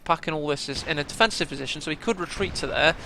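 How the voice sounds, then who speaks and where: A man casting a strategy game match, chatty play-by-play that bursts into excitement at big moments. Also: fairly high pitch, quick pace, vocal fry, background noise. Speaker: game caster.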